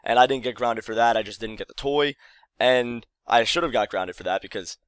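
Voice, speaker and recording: A man's voice: mid-range voice, brisk, a bit bright, clean tone, dry recording. A young man casually telling a childhood story to his viewers, rambling and correcting himself as he goes. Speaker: vlogger.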